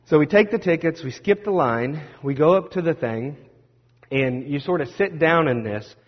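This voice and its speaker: A man preaching a sermon, telling a self-deprecating personal story in a lively way. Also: fairly high pitch. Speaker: pastor. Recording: dull sound with long hall reverb.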